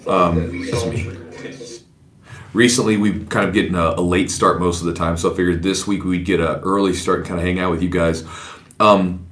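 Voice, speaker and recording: Deep-voiced man, laid-back podcast chat. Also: fairly even intonation, brisk, fairly bright tone. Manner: loose, rambling, with fillers and restarts. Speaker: podcast co-host. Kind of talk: casual live podcast chat.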